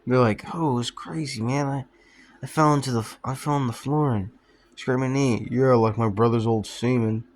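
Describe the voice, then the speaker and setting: A man's voice: medium pitch, steady tone, normal speed, a little mellow. Profane rambling young man. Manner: profane, offhand, laughs at his own stories. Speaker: vlogger. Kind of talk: rambling casual storytelling.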